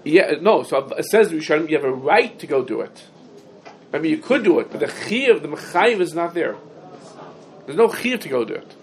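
Teacher lecturing in a sing-song cadence. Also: male voice, on the high side, very animated, moderate pace. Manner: sing-song learning cadence, stops to field students' questions. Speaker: Talmud teacher giving a class. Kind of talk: yeshiva-style halacha lecture.

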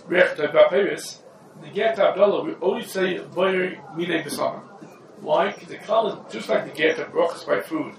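A man giving an informal, conversational Torah lesson, moving between English and Yiddish and Hebrew terms. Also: high-pitched. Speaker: rabbi teaching a halacha class. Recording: roomy echo from a distant mic with faint background noise.

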